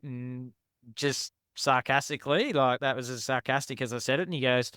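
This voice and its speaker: A man's voice: mid-range voice, normal speed, a bit bright, smooth, no echo, clean studio sound. A man, a podcast guest telling personal stories in a frank, rambling, self-deprecating way. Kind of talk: candid personal storytelling.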